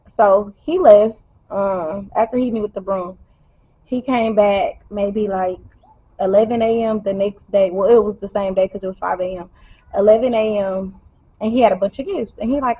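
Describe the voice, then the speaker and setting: Husky young woman telling a story. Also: medium pitch, steady tone, moderate pace, lo-fi sound. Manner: conversational, repeats herself, slangy. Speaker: vlogger. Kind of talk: casual storytime.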